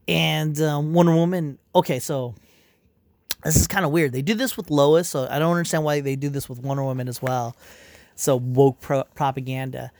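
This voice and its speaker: A man's voice: a little high, steady tone, moderate pace, darkish tone, no echo. A man ranting casually and irritably, rambling with lots of filler words, swearing and restarted sentences. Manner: irritated, dismissive. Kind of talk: casual spoken review rant.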